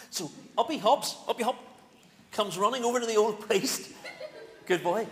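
A male minister with a Northern Irish accent, giving an animated, playful children's talk in a church service. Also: high-pitched, moderate pace, long pauses. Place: church sanctuary. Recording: echoey church with faint room noise.

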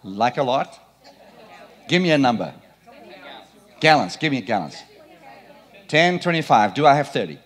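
A middle-aged man preaching a sermon in a church, playful and animated, quizzing the congregation. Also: mid-range voice, unhurried, pauses often. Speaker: pastor. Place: church sanctuary.

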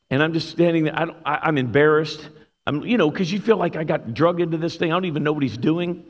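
Gravelly preacher man in echoing hall. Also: a little high, a little fast. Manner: animated storyteller, shouts when acting out quotes. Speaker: guest preacher. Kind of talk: sermon with storytelling. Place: church sanctuary. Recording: long hall reverb.

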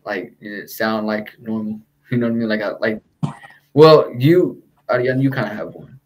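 A man's voice: fairly low pitch, normal speed, low-quality recording. A man hosting a casual chat with a light Texan accent, talking in a laid-back, slangy way and swearing freely. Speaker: podcast host.

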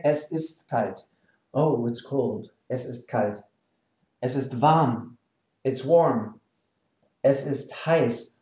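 German guy teaching a language lesson, slow and patient, mellow voice, echoey room. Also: on the high side. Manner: slow, patient, repeats example phrases.

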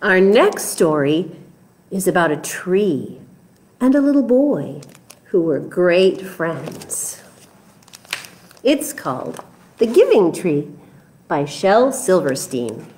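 A woman, a children's librarian, reading picture books aloud at story time in an animated, coaxing way. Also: lowish voice, takes it slowly, long pauses.

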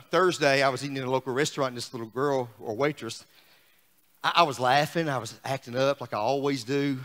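A man preaching a sermon as pastor, exuberant, swinging between shouts and quiet asides. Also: medium pitch, big-room sound. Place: church sanctuary.

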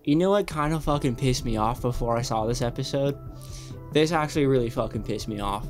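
A young man hosting a reaction channel, rambling excitedly and swearing often in casual commentary. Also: medium pitch, brisk, soft background music.

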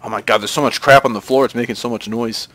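A young man giving tense live commentary on a shooter game, dropping to whispers and breaking into panicked yells. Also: medium pitch, fairly even intonation, fast. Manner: jumpy, swings from whispers to panicked yelling. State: out of breath. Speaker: gaming commentator.

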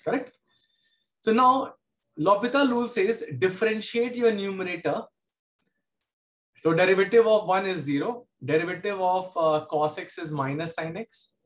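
Casting: Indian English male math teacher, high voice, patient step-by-step delivery. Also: normal speed, fairly bright tone, reverberant. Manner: explains step by step, repeats key points. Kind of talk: classroom lecture.

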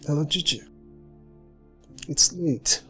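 An actor playing a brother with a husky voice who calms his worried sister on the phone. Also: fairly high pitch, slow pace, faint music behind. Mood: reassuring. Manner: questioning, then soothing. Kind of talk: film drama acting.

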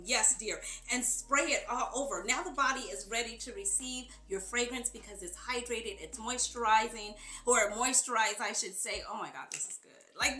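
A young adult woman talking fast and excitedly to her viewers in a chatty, emphatic beauty haul. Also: on the high side. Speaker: beauty vlogger. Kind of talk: sponsored haul, casual chat to viewers. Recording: echoey room.

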